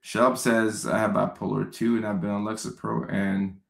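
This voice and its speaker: A man's voice: lowish voice, little pitch movement, moderate pace, vocal fry, roomy sound. A man, a psychiatrist hosting a live stream, casually answering chat comments and often repeating his phrases for emphasis.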